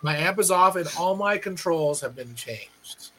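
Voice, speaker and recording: Higher-voiced man in casual chat. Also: animated, unhurried, sharp tone, rough recording.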